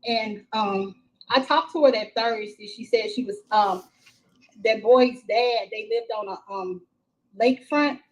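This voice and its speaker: A middle-aged woman from Texas, a mother telling her story in a live-stream interview, halting and repeating herself with many fillers. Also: fairly high pitch, poor audio. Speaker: grieving mother, interview guest. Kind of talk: emotional first-person account in a live-stream interview.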